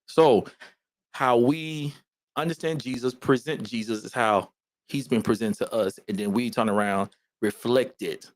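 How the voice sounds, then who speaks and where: A man co-hosting a casual podcast about faith, talking in a lively, emphatic way and often repeating himself. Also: medium pitch, a little slow, no room sound. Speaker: podcast co-host.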